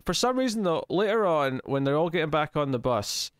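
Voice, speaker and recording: A man co-hosting a podcast, chatting in an animated, jokey, rambling way about a TV episode. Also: fairly high pitch, a little fast, clean tone, dry recording. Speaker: podcast co-host. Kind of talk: casual chat reviewing a TV episode.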